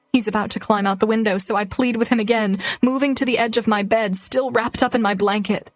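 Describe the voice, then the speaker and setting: A woman's voice: mid-range voice, fairly even intonation, brisk, hardly any pauses, no room sound, faint music behind. A young woman reads a first-person romance audiobook, her delivery emotional and tearful. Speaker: audiobook narrator.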